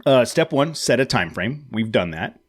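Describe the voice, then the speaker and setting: A man's voice: mid-range voice, sing-song, normal speed, slightly rough. Laid-back male podcast host. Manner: laid-back, often stumbles and repeats words. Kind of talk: casual chat, reading aloud from a magazine.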